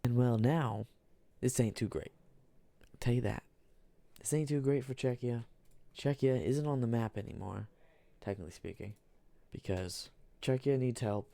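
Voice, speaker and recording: Casual male map narrator, gravelly and dark, halting, dry room. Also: medium pitch, dry recording. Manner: repetitive, restarts, halting.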